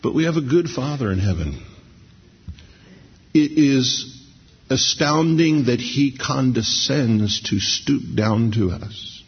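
Gravelly, husky male preacher. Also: mid-range voice, expressive. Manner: conversational, anecdotal, slows down for scripture reading. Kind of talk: sermon. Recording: dull lo-fi sermon recording.

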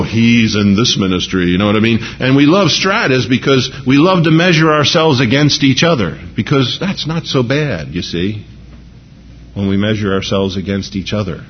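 A man's voice: lowish voice, slight background noise. A middle-aged man preaching a conversational sermon to a live congregation, often asking "you know what I mean" and acting out the people he quotes. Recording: dull lo-fi recording.

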